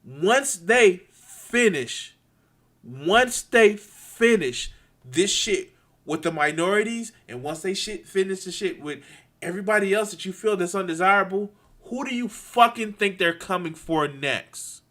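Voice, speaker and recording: A man ranting angrily to his viewers, swearing a lot, stumbling over restarts and swinging between quiet and loud. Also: sits high, expressive. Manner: profane, halting, many restarts. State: angry and frustrated. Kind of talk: angry unscripted rant.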